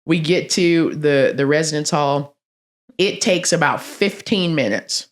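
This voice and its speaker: A woman, a podcast guest telling stories expressively and acting out quoted lines, with frequent laughter. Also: a little slow. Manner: expressive, acts out quotes with big pitch swings, laughs often. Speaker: guest, athletics director. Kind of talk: animated storytelling in conversation.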